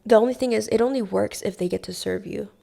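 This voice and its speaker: A young woman from Hawaii, a podcast guest, telling a story in casual, profane, animated talk full of "like". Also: mid-range voice, fast talker, vocal fry. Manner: profane, animated, heavy use of "like".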